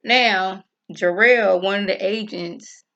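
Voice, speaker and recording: A woman's voice: medium pitch, slow, gravelly, fairly bright tone, dull audio. A woman reviewing a TV episode in a casual, chatty vlog, talking straight to her viewers and acting out the characters' lines as she retells the scenes.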